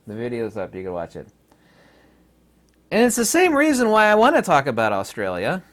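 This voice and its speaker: A man's voice: medium pitch, huge pitch swings, normal speed, a bit bright. A man from the United States talking straight to his viewers in an emphatic, ranting monologue. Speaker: vlogger. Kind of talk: casual monologue to camera.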